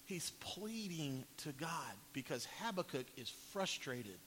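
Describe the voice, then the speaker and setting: A man preaching a sermon, reading scripture dramatically, rising to loud pleading and dropping to quiet, low emphasis. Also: very animated, slow, hardly any pauses. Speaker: pastor. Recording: long hall reverb, faint hiss.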